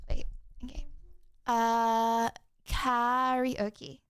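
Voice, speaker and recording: A woman's voice: on the high side, level tone, extremely slow, fairly bright tone, smooth, no room sound, studio quality. A young woman streamer chatting casually with her viewers in a rambling, giggly way. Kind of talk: casual livestream chat. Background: music.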